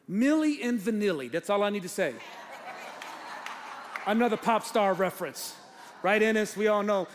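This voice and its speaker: A man preaching a sermon as pastor, animated, swinging from loud preaching to low asides. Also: fairly quick, slight background noise. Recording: long hall reverb.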